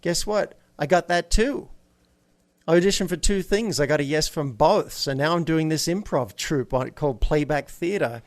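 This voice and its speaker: A man's voice: on the high side, moderate pace, dry recording. Upbeat man coaching in interview. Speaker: guest, coach. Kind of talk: casual interview talk.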